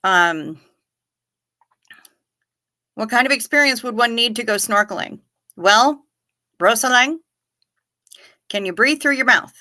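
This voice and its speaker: A woman hosts a livestream, answering chat questions in loose, unhurried talk. Her voice is bright and clear, and she keeps a profane, wry streak going as she explains things. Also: fairly high pitch, lively intonation. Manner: profane, sarcastic, chatty. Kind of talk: casual chat.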